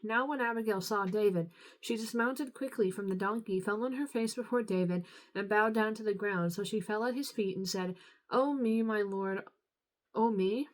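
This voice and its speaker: A tired woman reading scripture aloud, unhurried, now and then stumbling and apologizing. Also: mid-range voice, poor audio. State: tired, yawning. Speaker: Bible reader.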